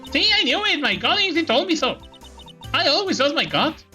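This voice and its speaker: A woman voicing a loud, nosy female photographer with a Southern accent in a let's-play of a game. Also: high voice, very animated, a little fast, distant mic, faint music behind, pitched above the performer's own voice, heavily acted. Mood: brash. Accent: American Southern. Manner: brash, loud, whooping.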